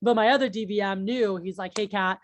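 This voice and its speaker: A woman's voice: mid-range voice, quick pace. A woman giving a casual training talk on leadership, chatty and blunt, swearing freely and checking in with her listeners often. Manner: frequent filler words and rhetorical checks.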